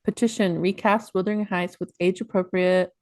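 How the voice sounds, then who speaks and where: A woman's voice: on the low side, fairly even intonation, moderate pace, darkish tone, no room sound. A young woman co-hosting a podcast in casual chat, playful and giggly as she talks. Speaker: podcast co-host.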